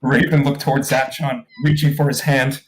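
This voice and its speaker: A man narrating a comedic fan fiction read-aloud on a voice call, with deadpan asides and crude jokes. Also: mid-range voice, normal speed.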